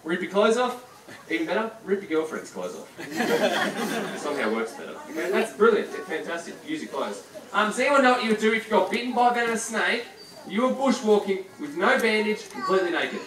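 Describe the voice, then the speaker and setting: Presenting a live reptile show, this man ribs his volunteer and the crowd with playful, chatty humour. His high voice is very animated and his delivery brisk. The sound is distant and echoey, picked up in a big audience-filled room with crowd noise.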